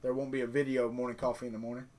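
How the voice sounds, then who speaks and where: On a morning live stream, a middle-aged 3D printing vlogger reads chat and spins rambling folksy stories. His medium-pitched voice is flat, darkish and rapid-fire.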